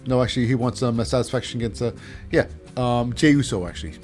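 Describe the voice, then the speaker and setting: A man's voice: medium pitch, quick pace, a little mellow, faint music behind. A man hosting a casual wrestling recap, rambling with sarcastic asides. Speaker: host.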